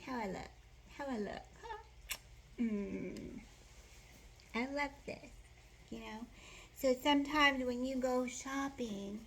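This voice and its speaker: Slow, gravelly-voiced playful woman. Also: high-pitched, a little hiss or hum. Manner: playful, laughing often and joking; drifts into soft whispered affirmations. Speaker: spiritual card reader. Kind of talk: casual oracle card reading to camera.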